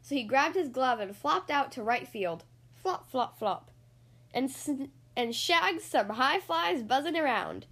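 A woman hosting a podcast, reading a children's picture book aloud in an expressive, sing-song storytelling voice. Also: high voice, a little slow.

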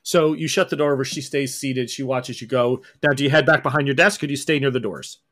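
A man's voice: medium pitch, fast talker, a bit bright. A man narrating as game master, rambling and descriptive with many fillers.

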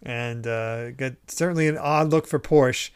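A man hosting a podcast, recapping chapters in casual chat with an animated retelling style. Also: mid-range voice, unhurried, clean tone. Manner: animated retelling with frequent laughs and acted quotes. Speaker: podcast host.

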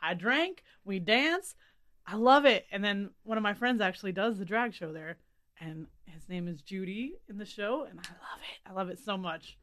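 A woman's voice: medium pitch, lively intonation, moderate pace, fairly bright tone. A young woman co-hosting a podcast, chatting casually and enthusiastically, with casual swearing. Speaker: podcast co-host. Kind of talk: casual chat.

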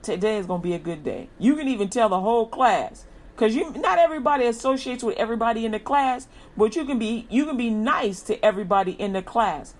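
A woman's voice: fairly high pitch, fairly quick. Woman giving a casual, repetitive pep sermon. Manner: colloquial, repeats a slogan, acts out lively quoted greetings. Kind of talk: informal inspirational sermon.

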